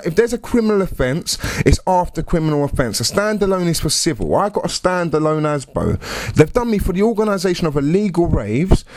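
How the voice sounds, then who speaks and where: A young man with a London accent rants insistently, stacking up repeated tag questions. His voice sits high and swings widely in pitch, recorded dry and close with no room around it. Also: a little mellow, no room sound. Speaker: caller. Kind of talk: heated phone complaint.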